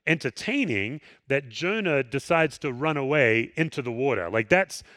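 A man's voice: mid-range voice, moderate pace, no room sound, studio quality. A man preaching a sermon in a conversational, storytelling way, acting out the people in the story. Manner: conversational, animated storytelling with acted quotes. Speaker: pastor.

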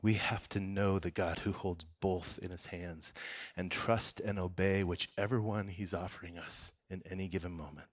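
A man preaching a casual sermon and reading scripture aloud. He talks conversationally, jokes and laughs often, and swings from soft, quiet passages to loud emphasis. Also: deep voice, steady tone, moderate pace, slightly rough. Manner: conversational and joking, breaks into laughter. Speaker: pastor.

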